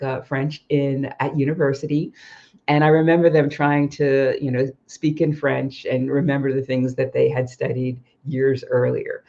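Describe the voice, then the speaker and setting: Over slightly muffled livestream audio, a rumbling low, somewhat mellow female voice tells casual personal stories. The speaker, an expat coach hosting the stream, chats along with frequent ums and corrects herself often.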